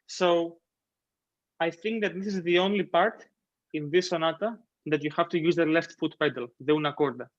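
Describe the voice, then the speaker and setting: A man's voice: a little high, steady tone, moderate pace. Encouraging man coaching piano over a call. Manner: gentle, encouraging, sings phrases and counts beats aloud. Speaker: piano teacher. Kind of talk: online masterclass coaching. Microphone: video call. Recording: muffled video call with piano.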